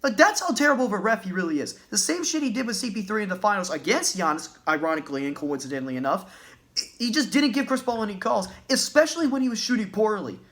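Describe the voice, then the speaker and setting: A man's voice: high-pitched, lively intonation, quick pace, a bit bright. A man ranting as a basketball fan in a vlog, agitated, profane and repeating himself. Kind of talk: sports rant vlog.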